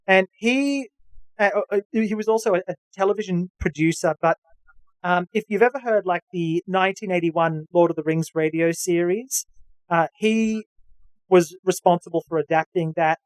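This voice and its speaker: A man's voice: sits high, normal speed, no room sound, poor audio. Guy hosting a podcast, rambly and chatty, dry close sound. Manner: chatty, many fillers and restarts, knowledgeable. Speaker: podcast host. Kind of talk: casual chat.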